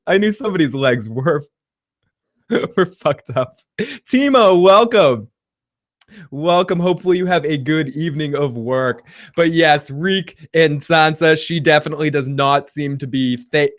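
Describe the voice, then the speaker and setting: A man hosting a casual reaction livestream, rambling and joking, swearing freely and laughing often as he reads viewer comments. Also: fairly high pitch. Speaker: livestream host.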